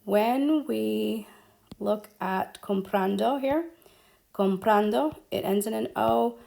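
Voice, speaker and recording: A woman's voice: mid-range voice, vocal fry, mellow. A woman teaching Spanish grammar at a whiteboard, explaining step by step with frequent ums. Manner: slow, explaining step by step with fillers.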